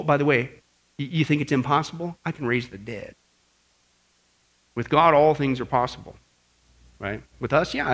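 A male pastor giving a lively teaching sermon, asking the congregation questions and acting out what God says. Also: on the high side. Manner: animated, asks the crowd questions, acts out God's voice.

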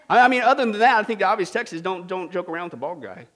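A man preaching a sermon, animated and folksy, with acted-out voices and asides to the congregation. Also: high voice, fast, hardly any pauses. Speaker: pastor.

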